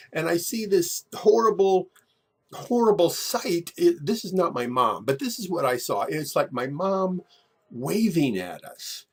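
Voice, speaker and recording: A man telling a personal story from his childhood over photos, in a halting way full of restarts and repeated words. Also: high voice, gravelly, slightly rough.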